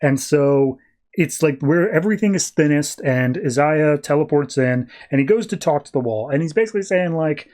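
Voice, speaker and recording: A man's voice: fairly high pitch, animated, moderate pace, darkish tone. A male podcast host giving a casual recap of a comic, chatty and full of fillers. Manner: chatty paraphrasing, frequent fillers.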